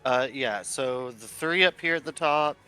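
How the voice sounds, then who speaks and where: A man's voice: medium pitch, unhurried, sharp tone, soft background music. A man playing a tabletop game, talking tentatively as he checks the rules. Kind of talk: casual game chat.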